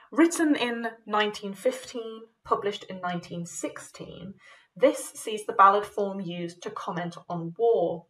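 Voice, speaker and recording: A woman lecturing on poetry in a university course, her voice pitched in a middle range. She reads verse aloud with lively emphasis and breaks off now and then for light, self-mocking asides. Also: unhurried, far from the mic, rough recording. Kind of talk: recorded lecture with poetry readings.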